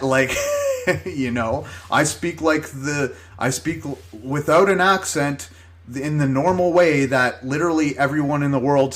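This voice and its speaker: A man's voice: medium pitch, fairly bright tone. A man hosting his own podcast, telling a story in an exasperated, profane ramble full of fillers. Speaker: podcast host. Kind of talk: casual podcast rant.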